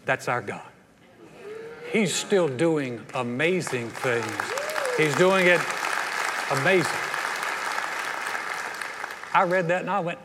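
A man preaching a sermon as pastor, telling a story in an animated way and acting out the voices, then leading a quiet altar call. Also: a little high, takes it slowly, pauses often, some chatter behind, slight background noise. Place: church sanctuary. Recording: hall reverb.

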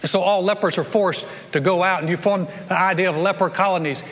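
High-voiced middle-aged pastor preaching. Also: male voice, fast talker. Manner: animated storytelling, repeats words. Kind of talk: sermon. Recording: long reverb of a large church hall.

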